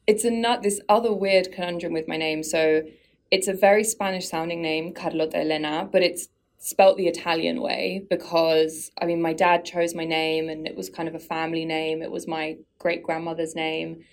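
Low gravelly-voiced woman telling her story. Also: fairly even intonation, moderate pace. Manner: candid, reflective, often laughs at herself. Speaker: podcast guest. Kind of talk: casual conversational storytelling.

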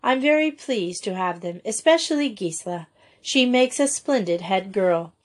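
A woman's voice: medium pitch, animated, normal speed, lightly acted. A woman voicing a kindly, gracious young headmistress in a storybook reading.

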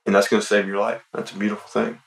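Male guest with a lowish voice and a relaxed, reflective delivery, recorded away from the mic. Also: quick pace, gravelly, recorded from a distance, slight background noise. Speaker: podcast guest. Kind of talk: casual podcast conversation.

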